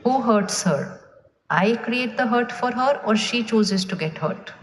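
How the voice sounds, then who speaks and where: A woman's voice: on the high side, lively intonation, measured pace. A woman giving a spiritual talk to a live audience, asking them questions and waiting for their answers. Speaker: spiritual speaker. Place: large hall with an audience. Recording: echoey hall, faint room noise.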